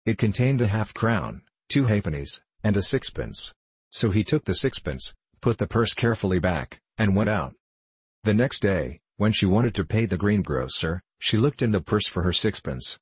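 A male audiobook narrator reading a novel in a steady, measured way. His voice is low and a little husky, and the recording is dry and close, with no room sound. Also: no room sound.

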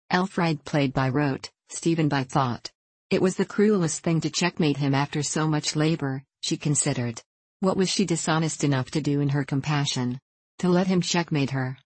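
A woman narrating a novel in a measured, steady reading. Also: deep voice, no room sound, low-quality recording. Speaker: audiobook narrator. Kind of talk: scripted narration.

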